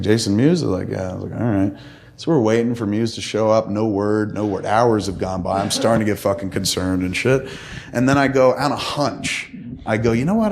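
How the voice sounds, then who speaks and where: A profane, animated man in his fifties spins a long story as a podcast co-host. He acts out the people in it as he goes, and his voice sits fairly low. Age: 50s. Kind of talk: casual storytelling.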